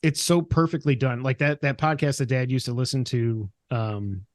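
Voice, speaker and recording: A man's voice: medium pitch, steady tone, normal speed, dry recording. A man talks casually on a podcast, teasing his co-host and rambling through his thoughts. His voice sits mid-range. It is recorded close and dry, with no room sound. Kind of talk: casual chat.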